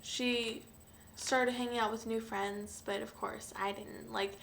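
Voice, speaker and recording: Young girl vlogging, sighs a lot, talks real slow and emotional, kinda high voice. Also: steady tone, creaky, a bit bright, a little hiss or hum. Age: young adult. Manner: hesitant, sighing, emotional. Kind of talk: personal confessional vlog.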